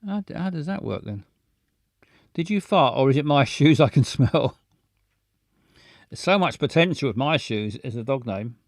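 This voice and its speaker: A man hosting a live show, chatting casually in a halting, playful way with many restarts and silly jokes. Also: medium pitch, expressive, dry recording, studio quality. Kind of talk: casual rambling live chat.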